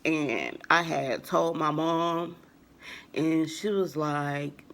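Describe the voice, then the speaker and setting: Speaking very slowly in a low-pitched voice with a bit of brightness, a young woman vlogger wanders through a personal anecdote. She uses lots of fillers and keeps acting out what others said with "I was like."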